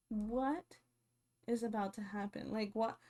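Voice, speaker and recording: A young woman giving casual, animated commentary as a reality show vlogger, chatty and full of fillers. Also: on the high side, unhurried.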